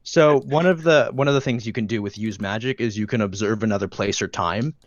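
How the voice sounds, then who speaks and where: A man's voice: fairly low pitch, a little fast, dry recording, dull audio. A man playing a tabletop game, asking casual questions about the rules. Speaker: player.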